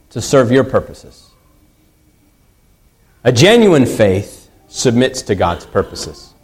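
A pastor preaches a sermon with earnest conviction, his voice sitting a little higher than most men's. He hammers his points home by repeating key phrases, though the audio quality is poor.

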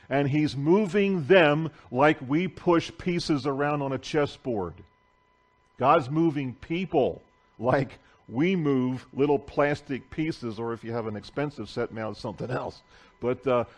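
A man preaching a sermon to a congregation in a church, reading scripture aloud with deliberate pauses. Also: medium pitch.

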